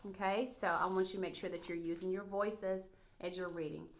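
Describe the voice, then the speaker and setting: A woman teacher leads a reading lesson for small children on video. She talks slowly and encouragingly, sounding out each word with care. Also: lowish voice, fairly even intonation. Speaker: first grade teacher.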